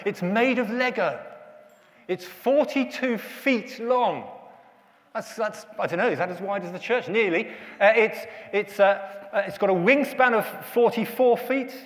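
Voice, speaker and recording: A man's voice: high-pitched, in a large hall. A man leading a family church service, talking chattily with children and asking them questions. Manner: chatty, asks children questions, many restarts. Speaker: pastor.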